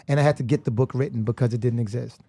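A young American man, a podcast guest, telling stories in a casual, animated way with lots of slang and frequent laughs. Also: mid-range voice, rapid-fire, breathy edge. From United States. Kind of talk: casual storytelling.

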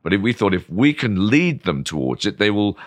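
An older British man, a guest in an interview, telling lively anecdotes full of ums and restarts. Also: fairly low pitch, brisk, no room sound. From Britain. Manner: animated, lots of ums and restarts. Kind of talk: anecdotal storytelling.

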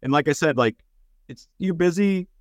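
A man from Texas co-hosting a casual political chat, explaining things in a plain-spoken, steady way with fillers. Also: fairly high pitch, moderate pace, no room sound, clean studio sound.

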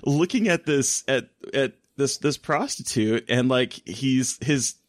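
A man co-hosting a podcast, telling a story with lots of laughter and animated asides in casual chat. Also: mid-range voice, slow pace, slight background noise. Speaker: podcast co-host.

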